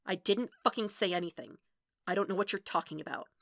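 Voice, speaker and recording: A woman voicing a defensive young male android who answers in curt, flat denials and snaps into anger. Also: medium pitch, fairly quick, no room sound, studio quality, lightly acted. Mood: angry.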